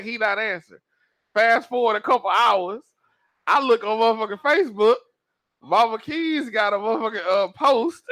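A man telling a story on a podcast in casual chat, animated, profane and laughing often. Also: very high-pitched, no room sound. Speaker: podcast co-host.

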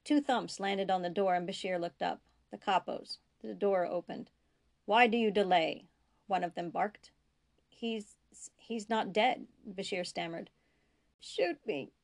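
A woman reading her own fiction aloud in a steady, measured narration, dropping to soft whispers for tense dialogue. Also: mid-range voice, vocal fry. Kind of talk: audiobook-style fiction reading.

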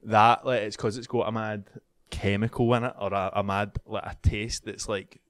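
A young man with a Scottish accent chats casually as a podcast co-host. His voice sits low, and the sound is dry and close. He laughs a lot and keeps saying aye and mate. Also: level tone, moderate pace, fairly bright tone, no echo. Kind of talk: casual chat.

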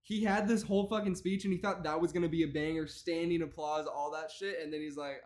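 A man's voice: on the high side, steady tone. Profane young man ranting mockingly. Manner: profane, mocking, rapid-fire rants. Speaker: reaction commentator. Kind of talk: casual reaction commentary.

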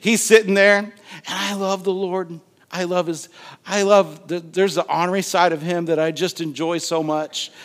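A man's voice: high voice, normal speed. A male pastor preaching a sermon, acting out Bible scenes in different voices. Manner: animated, acts out Bible scenes with voices and laughter.

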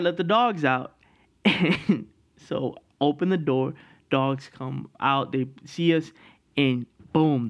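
A man hosting a podcast, telling a story in a casual, profane way and laughing through it. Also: mid-range voice. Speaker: podcast host.

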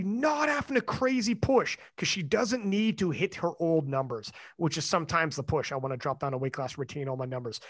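A man with a fairly high voice hosts a loose sports chat. He talks with lively swings up and down and drops curses freely. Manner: animated and swearing, swings up and down. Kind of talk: casual chat.

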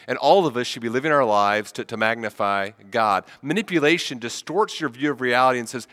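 A man's voice: medium pitch, animated, brisk, hardly any pauses, fairly bright tone, big-room sound. A man preaching a sermon with a head cold, talking conversationally and often repeating words as he starts sentences. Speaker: pastor.

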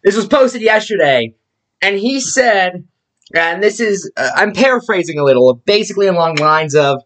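A young adult commentator in a sarcastic, ranting monologue. The pitch swings widely from low mutters to sudden high jumps, and the delivery stays mocking throughout. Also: big pitch swings, moderate pace, a bit bright, poor audio. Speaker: political commentator.

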